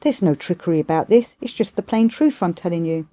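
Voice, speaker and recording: A woman's voice: on the low side, animated, a little fast, warm tone, natural voice. A woman voicing an eager, cheeky male monkey who begs humbly to study. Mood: earnest.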